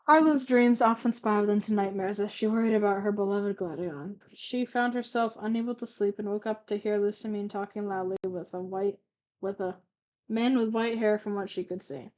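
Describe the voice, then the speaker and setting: A woman's voice: mid-range voice, moderate pace, darkish tone, dull audio. A young woman reading old fanfiction aloud, stumbling over words and breaking off for sarcastic asides. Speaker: reader.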